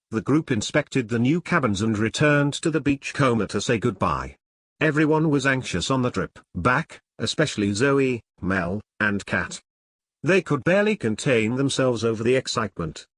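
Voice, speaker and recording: A man narrating a story in a plain, even storytelling read. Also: medium pitch, breathy edge, no room sound, clean studio sound. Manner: plain storytelling read, few voice changes for characters. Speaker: audiobook narrator. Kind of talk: scripted narration.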